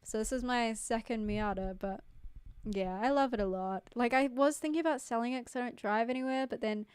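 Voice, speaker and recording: A woman's voice: fairly high pitch, a little fast, clean tone, dry recording. Chatty New woman streaming. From New Zealand. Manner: chatty, rambling, peppered with "like" and casual swearing. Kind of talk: casual livestream chat with viewers. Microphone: studio mic.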